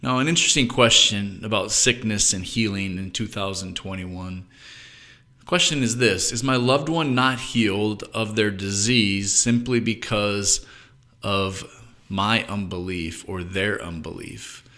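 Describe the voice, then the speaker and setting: A man's voice: lowish voice, unhurried, bright, forceful tone. A man teaching a reflective Bible study, thinking aloud and often restarting his sentences. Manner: thoughtful, musing aloud with frequent restarts.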